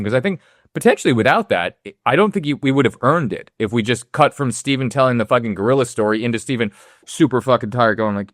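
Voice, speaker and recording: A man's voice: mid-range voice, fast. A man co-hosting a movie podcast, sprawling and profane, slipping into quoted voices as he makes his point. His voice sits in the middle range. The sound is dry, with no room echo. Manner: profane, animated storytelling with acted-out quotes. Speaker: podcast co-host. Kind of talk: casual film discussion.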